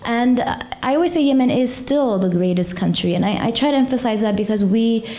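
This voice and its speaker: A young woman speaking to a community audience as a charity chairperson, earnest and conversational, with many fillers and lively retold dialogue. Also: a little high, brisk. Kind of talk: personal storytelling talk to a community audience.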